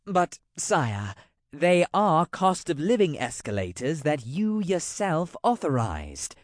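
A man's voice: fairly high pitch, sing-song, slow pace, no room sound, clean studio sound, pitched above the performer's own voice. A man doing a fussy, anxious royal aide. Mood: worried. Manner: worried, formal, deferential.

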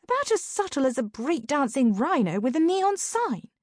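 In a dry, clean studio recording at normal speed, a woman narrates an audiobook. She voices a wry female ghost sidekick who teases and fires off sarcastic quips in a raised voice. Her voice is higher and lively.

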